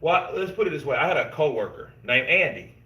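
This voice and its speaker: A man hosting casual boxing commentary, reading viewer comments and telling stories in an animated, emphatic way, swearing freely. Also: fairly high pitch, a little fast. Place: gym. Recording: echoey gym room.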